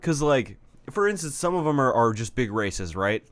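A man casually chatting about a video game, swearing freely and breaking into loud mock rants. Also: medium pitch, moderate pace. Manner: profane, animated, bursts into loud mock rants. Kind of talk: casual gaming chat.

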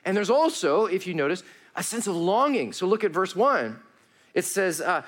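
A man preaching a sermon. His voice is fairly high for a man and very lively in pitch. He swings between raised, pleading lines and hushed, low passages, and speaks to his listeners as friends. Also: brisk. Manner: addresses congregation warmly as friends, uses y'all. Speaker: pastor.

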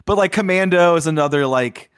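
A man's voice: on the high side, a little fast, clean tone, no echo. Man, podcast co-host, casual film chat, lots of filler words, dry close sound. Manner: loose and chatty, heavy on filler words.

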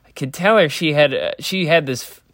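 A man's voice: on the high side, animated, fairly quick, fairly bright tone, dry recording. A man putting on a mild, earnest retired filmmaker who rambles and halts as he explains himself.

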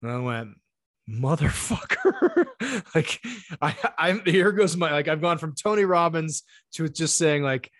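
A middle-aged man, an interview guest, telling a personal story in a casual, animated way, swearing freely and acting out what others said. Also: on the high side, normal speed, no echo, studio quality. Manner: animated, profane, acts out quoted dialogue.

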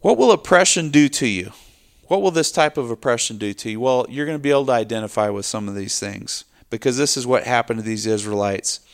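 A man preaching a morning sermon in an animated, emphatic style. His pitch sits in the middle range, and he swings his voice up and down to drive points home while he speaks straight to his listeners. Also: brisk. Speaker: pastor.

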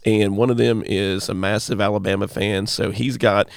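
A man's voice: fairly low pitch, flat delivery, normal speed, vocal fry, clean tone. A man, a pastor co-hosting a chat and telling a rambling story. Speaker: pastor, co-host.

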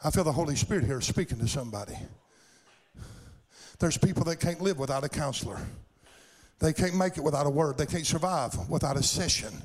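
A middle-aged man preaching from the pulpit in a fairly high voice. He works the congregation with call-and-response cries and climbs into full shouts at his high points. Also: expressive, a little fast, low-quality recording. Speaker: pastor. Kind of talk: sermon.

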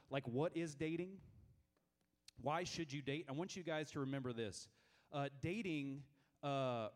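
A man in his thirties telling funny stories to a youth group, animated and self-mocking, with many stammered restarts. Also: a little high. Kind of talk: lively storytelling talk to a youth group.

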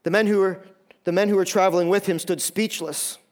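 A man's voice: sits high, fairly even intonation, fairly quick. A man preaching a sermon as pastor, emphatic, often repeating a word as he starts a phrase.

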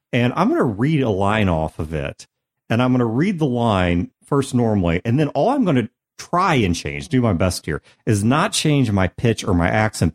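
Lively low-voiced male podcast host. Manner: thoughtful, explanatory, lively intonation. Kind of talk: casual explanatory chat. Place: recording studio.

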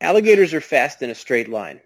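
A man's voice: a little high, big pitch swings, fairly quick, no room sound. Joking man on a dry close mic. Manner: joking, self-deprecating. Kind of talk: casual chat.

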